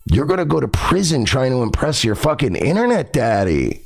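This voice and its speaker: A man's voice: medium pitch, sing-song, unhurried, gravelly. A man hosting a podcast, delivering a profane, confrontational ranting monologue. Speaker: podcast host.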